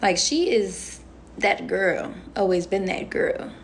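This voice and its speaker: A young woman talks casually on a phone livestream, answering viewer comments as they come. She is playful and rambling, leaning on "um" and "like," in a mid-range voice with a gravelly edge. A faint noise sits under the recording. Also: medium pitch, takes it slowly. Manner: chatty and playful, heavy on fillers like "um" and "like". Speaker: reality show contestant on a livestream.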